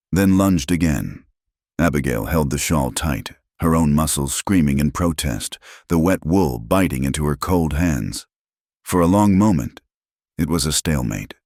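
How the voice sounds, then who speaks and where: Deep voiced guy reading a western story, slow dramatic measured delivery, dry sound. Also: a little mellow, dry recording. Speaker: narrator. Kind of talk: scripted storytelling narration.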